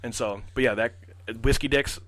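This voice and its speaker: A man in his twenties, a podcast guest, telling a story in an animated, profane way and acting out the quotes. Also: medium pitch, moderate pace, slight background noise. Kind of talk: casual storytelling.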